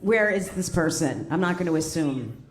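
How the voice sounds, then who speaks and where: A woman's voice: low-pitched, expressive, normal speed. A woman in her forties, a stand-up comedian doing brash, profane, teasing crowd work on a club stage. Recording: live club with audience laughter and noise.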